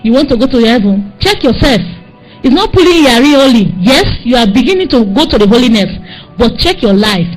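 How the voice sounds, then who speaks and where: A woman's voice: fairly high pitch, very animated, a little fast, soft background music, low-quality recording. A woman with a Nigerian accent preaching a sermon, scolding and exhorting her listeners with insistent repetition.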